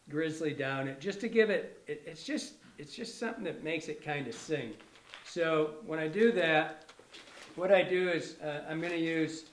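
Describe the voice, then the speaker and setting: A man's voice: on the high side, fairly bright tone, reverberant. A middle-aged man casually demonstrating fly tying, rambling and restarting his sentences with enthusiasm. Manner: rambling, self-correcting, enthusiastic. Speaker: fly tier, instructor. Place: fly shop tying bench.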